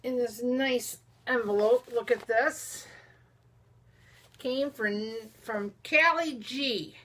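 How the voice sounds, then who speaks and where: A woman's voice: a little high, slow pace, fairly bright tone. A woman chatting casually as she opens mail from friends, cooing over each gift and talking to the viewers and the objects as she unwraps them. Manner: chatty, cooing and gushing over small gifts. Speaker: vlogger opening mail from friends. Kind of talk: casual unboxing chat.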